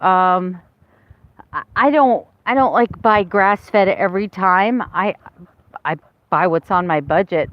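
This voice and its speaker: A woman's voice: medium pitch, lo-fi sound. A woman in her fifties talking candidly to her viewers in a casual, rambling vlog. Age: 50s. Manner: candid and rambling, with many restarts. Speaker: vlogger. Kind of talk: casual chat to camera.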